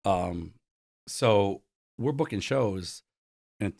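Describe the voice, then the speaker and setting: A man's voice: on the low side, animated, extremely slow, creaky, darkish tone, no echo, studio quality. A man in his forties from Buffalo, a concert promoter telling stories as a guest. He acts out the quoted dialogue and leans on "like" a lot. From Buffalo, New York. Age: 40s. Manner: heavy use of "like". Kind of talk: storytelling interview.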